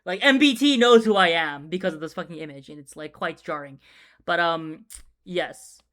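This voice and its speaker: A young man tells a story in a loose, rambling way, swearing freely and tripping over his own words. He drifts between quiet muttering and loud, excited bursts. It sounds like a casual talk recorded at a desk while he draws. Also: on the high side, moderate pace. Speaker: video creator.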